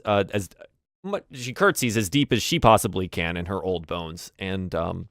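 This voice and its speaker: A man narrating a tabletop game as game master, halting and repeating words as he describes scenes. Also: lowish voice, fairly bright tone, no room sound, clean studio sound. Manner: halting, many fillers and restarts.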